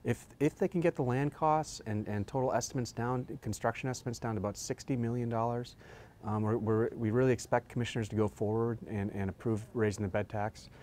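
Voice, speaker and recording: A man's voice: medium pitch, fairly even intonation, brisk, darkish tone, a little hiss or hum. A man reporting a local news update off the cuff, with fillers and restarts.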